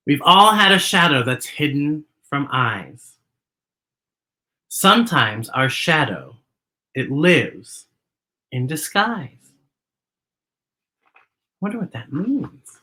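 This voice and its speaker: A woman's voice: low voice, very animated, takes it slowly, pauses often, sharp tone. A woman hosting a children's story time, reading a picture book aloud and talking directly to young viewers at home.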